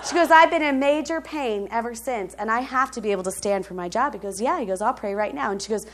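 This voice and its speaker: A woman preaching, telling a testimony story in an animated way, laughing often and checking in with her listeners. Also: fairly high pitch, quick pace, few pauses, background noise.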